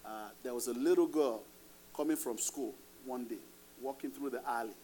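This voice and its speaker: A man's voice: medium pitch, moderate pace, dark tone, a little hiss or hum. A middle-aged man with a Nigerian accent, preaching a sermon as pastor in an emphatic, raised voice, laughing between points.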